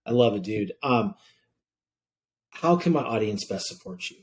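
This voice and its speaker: A man's voice: fairly low pitch, lively intonation, normal speed. A man hosting a casual podcast interview, talking in a hyped, slangy, enthusiastic way. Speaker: podcast host.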